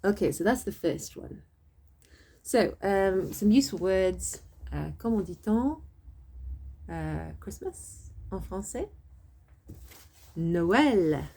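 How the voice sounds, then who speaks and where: A woman's voice: mid-range voice, expressive, slow pace, dark tone. Chatty woman teaching French. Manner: chatty, explains step by step, switches between English and French. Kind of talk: casual online language lesson.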